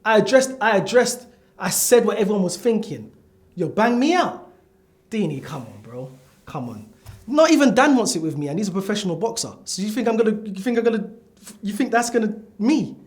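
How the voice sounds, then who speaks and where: Lively trash-talking London man. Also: high-pitched, fairly quick. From London, England. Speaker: podcast co-host. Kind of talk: casual chat.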